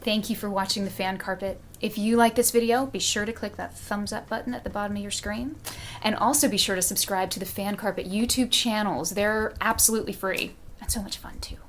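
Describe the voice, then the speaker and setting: A woman's voice: medium pitch, steady tone, fairly quick, soft background music. A woman reading a promotional channel outro in an upbeat, chirpy way. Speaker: channel announcer.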